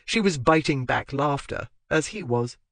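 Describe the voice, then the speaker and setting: An audiobook narrator reading a historical romance in an expressive, lilting way. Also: medium pitch, moderate pace, no room sound. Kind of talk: scripted narration.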